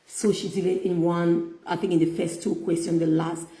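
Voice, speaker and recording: This middle-aged motivational speaker offers faith-based self-help, speaking slowly and with emphasis, repeating herself like a preacher. Her voice sits lowish and sounds dark, with a flat delivery, recorded in an echoey room.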